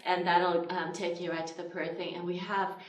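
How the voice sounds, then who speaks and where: A woman's voice: lowish voice, little pitch movement, normal speed, echoey room, distant mic. A woman pastor talking reflectively in a casual chat, laughing now and then and using many fillers.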